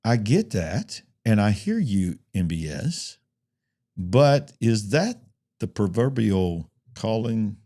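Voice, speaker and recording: A man co-hosting a talk show, with a low and mellow voice. He gives casual, chatty news commentary, rushing through some stretches and drawing out others. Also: big pitch swings. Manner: chatty, breaks into singing, speeds up and slows down.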